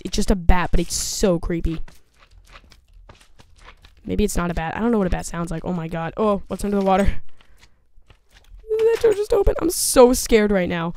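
A woman's voice: fairly low pitch, dark tone. Jumpy woman narrating her gameplay. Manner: jumpy, nervous, chattering to herself and the game. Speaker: gaming video host. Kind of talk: let's play commentary.

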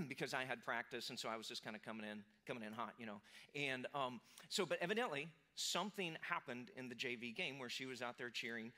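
A man's voice: mid-range voice, bright, forceful tone. A man in his forties, a pastor, giving a casual, self-deprecating sermon told as a personal story. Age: 40s.

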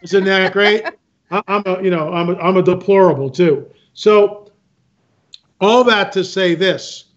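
A man's voice: sits high, unhurried. A man speaking as a guest, telling stories with emphasis, repeating himself and acting out other people's lines. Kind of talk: animated storytelling talk. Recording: muffled lo-fi sound.

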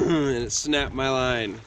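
A man's voice: mid-range voice, slow pace. A man casually narrating his wilderness camping trip to camera in an easygoing, chatty way, out on a lake. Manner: laid-back, easygoing, chatty. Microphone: camera mic outdoors. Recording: noisy outdoor camera audio.

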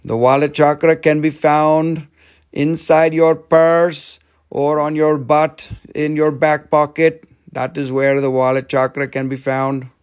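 A man with a fairly high voice hosts a live stream selling rocks. He talks in loose, playful sales patter, cracking jokes and rambling between pieces. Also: flat delivery, takes it slowly, clean tone. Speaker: live stream rock seller.

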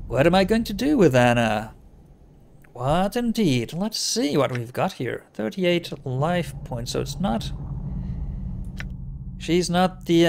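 Wry, gravelly-voiced gaming host. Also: male voice, high-pitched, sing-song, a little slow, darkish tone. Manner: wry, muttering asides. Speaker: let's play host. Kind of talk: casual game commentary and text reading.

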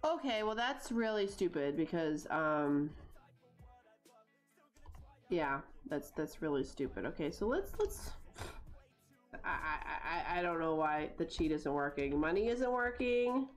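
Slow, low-voiced woman streaming a game. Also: animated, soft background music. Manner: exasperated, rambling, talks to chat viewers. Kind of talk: casual gameplay commentary.

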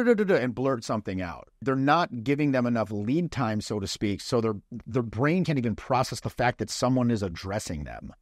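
A man coaching dating in a casual, blunt way, swearing freely and acting out quick mock lines. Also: mid-range voice, no room sound, clean studio sound.

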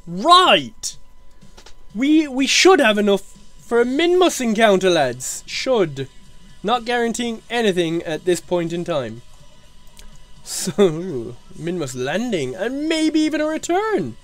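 A streamer narrates their own gameplay live at an unhurried, drawn-out pace, muttering to themself and swearing freely. Soft music plays faintly underneath the voice. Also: medium pitch, sing-song, dry recording. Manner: sweary, talks to self. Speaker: game streamer.

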